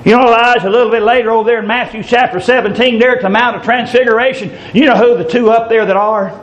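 Preacher swinging between shouts and low asides. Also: male voice, fairly even intonation, fast, highs cut off. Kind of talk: sermon.

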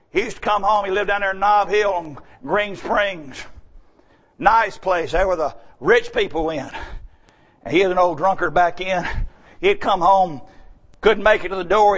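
A high-voiced preacher delivers his sermon in church, swinging between folksy anecdotes and loud, emphatic shouts. His tone is plain and homespun, with sudden bursts of volume on the key lines. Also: normal speed.

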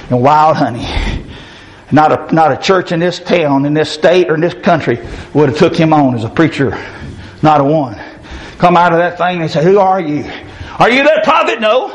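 A high-voiced preacher, a middle-aged man, delivers a fiery revival sermon. He shouts in sudden high bursts, then drops into low, gruff stretches of talk. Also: poor audio.

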